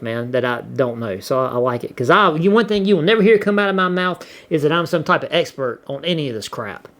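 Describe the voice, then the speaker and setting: A man's voice: a little high, fairly bright tone. Laid-back man, rambling chat. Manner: laid-back, rambling, repeats words and restarts often. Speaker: channel host reading viewer comments. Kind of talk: casual chat.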